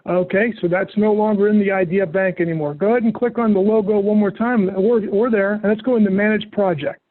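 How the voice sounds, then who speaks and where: Over a tinny, phone-like call with a dry, close sound, a man with a fairly high voice runs a software training session, calmly and patiently guiding a user through every click. The recording is brisk and dry, captured as call audio.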